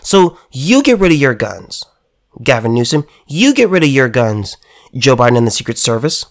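A political commentator delivers a heated, sarcastic monologue with a lively, swinging pitch. The voice is emphatic and keeps tripping over itself, repeating words before pushing the point home. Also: normal speed. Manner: emphatic and sarcastic, with frequent stammered restarts.

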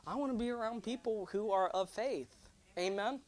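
A young man preaching a sermon, animated and joking, drawing responses from his congregation. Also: high-pitched, normal speed. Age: 20s. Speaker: pastor.

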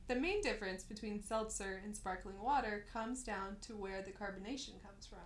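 A young woman co-hosting a casual podcast, animated and quick to react with surprise. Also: medium pitch, reverberant, a little hiss or hum. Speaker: podcast co-host. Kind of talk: casual chat.

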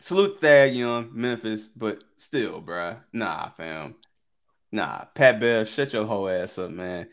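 A man's voice: on the low side, expressive, slow pace. A man co-hosting a casual sports talk show, with loose, slangy delivery and frequent laughter. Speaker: podcast co-host.

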